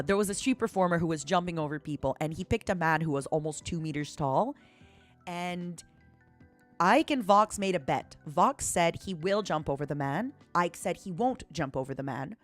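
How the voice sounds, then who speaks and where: A woman streamer chatting casually and telling stories in a playful, animated way. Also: lowish voice. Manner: chatty, playful, animated storytelling with put-on quotes. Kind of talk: casual chat and storytelling.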